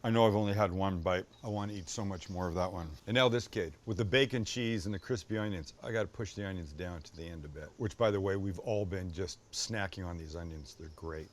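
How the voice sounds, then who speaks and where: A man's voice: low voice, a little fast, few pauses. A middle-aged man hosting a casual cooking show, joking and talking straight to the viewer as he cooks and tastes. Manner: enthusiastic, jokey, talks to the viewer.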